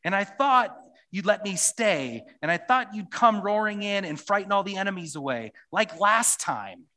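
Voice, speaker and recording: A man's voice: sits high, lively intonation, normal speed, bright, forceful tone, pitched above the performer's own voice. A man voicing a fretful, disappointed young girl, reading a storybook passage aloud in a sermon in a plaintive, worried tone. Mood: distressed.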